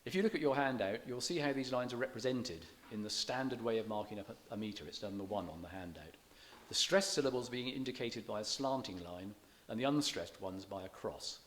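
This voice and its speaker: A man giving a public lecture on reading poetry. He explains in a measured way, with dry self-deprecating humour. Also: medium pitch, a little hiss or hum. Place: church event.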